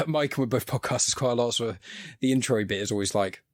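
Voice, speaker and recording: A man's voice: mid-range voice, fairly quick. A man guest hosting a podcast, chatty and rambling with self-deprecating jokes. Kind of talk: casual chat.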